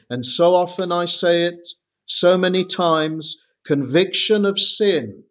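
A man preaching a sermon, reading scripture aloud slowly and stressing his points. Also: high-pitched. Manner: slow and emphatic, reading scripture aloud deliberately.

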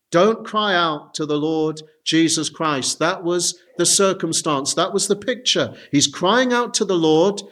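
A man preaching an earnest sermon, often turning to his listeners with direct appeals. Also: sits high.

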